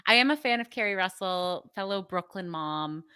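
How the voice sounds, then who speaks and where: A woman's voice: medium pitch, expressive, normal speed, bright, forceful tone, clean tone, no echo, studio quality. A middle-aged woman co-hosting a podcast, chatting casually and rambling through recaps with frequent laughs. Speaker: podcast co-host. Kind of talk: casual chat.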